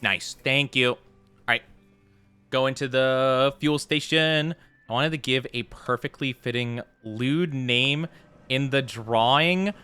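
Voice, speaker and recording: A man's voice: medium pitch, takes it slowly, pushed and bright, smooth, dry recording, faint music behind. A man streaming a video game live, chatting with his viewers and playfully, flusteredly denying their teasing. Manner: playful, flustered denials when chat teases. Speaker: VTuber streamer. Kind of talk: live gameplay stream commentary, reading chat.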